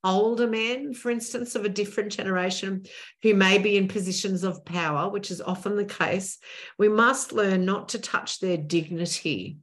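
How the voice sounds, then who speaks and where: A woman in her sixties, a podcast guest, talking in an assertive, animated way and acting out what people would say. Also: mid-range voice, moderate pace. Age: 60s. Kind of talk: animated interview talk.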